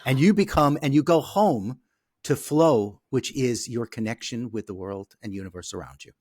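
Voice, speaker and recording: A man who is a podcast guest, telling a personal story in a lively way. He often checks in with the listener by asking "okay?". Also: medium pitch, normal speed, breathy edge, no room sound, studio quality.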